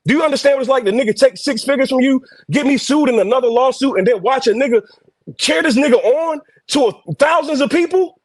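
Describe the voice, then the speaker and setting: A man's voice: extremely high pitch, fast, dry recording, studio quality. An angry man arguing over a video call as a guest on a live stream, confrontational and profane. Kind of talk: heated argument.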